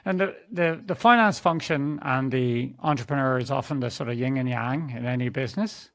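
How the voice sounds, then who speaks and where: A man's voice: medium pitch, a little fast, no room sound. A man hosting a podcast interview, talking in a chatty, conversational way. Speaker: podcast host.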